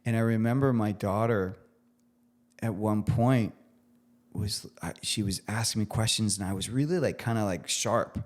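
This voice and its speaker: A guest chef in his forties talks earnestly in a reflective podcast conversation, often restarting as he searches for words. His lowish voice has a darkish tone and a moderate pace.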